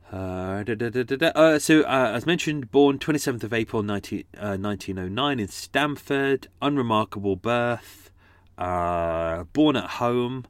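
Rambling man, low dry voice. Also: no echo. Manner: rambling, self-correcting, chatty. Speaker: podcast creator. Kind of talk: casual behind-the-scenes commentary.

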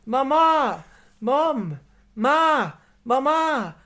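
A shouting cartoon baby boy, pitched high and loud, put on by a podcaster. It is a rough, playful imitation, yelled again and again. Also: big pitch swings, very slow, heavily acted. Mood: demanding. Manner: loud, laughing attempt at an impression.

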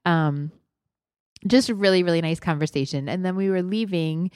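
A woman's voice: on the low side, normal speed, darkish tone, clean tone, no room sound, clean studio sound. A woman in her thirties co-hosting a podcast, telling stories in a casual, chatty way and laughing often. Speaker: podcast co-host. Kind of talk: casual chat.

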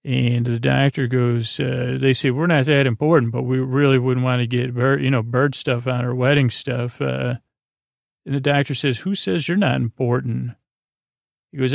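A man hosting a bedtime podcast, loosely retelling a story in a halting way, full of uh fillers and restarts, paraphrasing the dialogue without doing voices. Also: medium pitch, steady tone, creaky, no echo, clean studio sound. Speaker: podcast host. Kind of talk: relaxed bedtime story recap.

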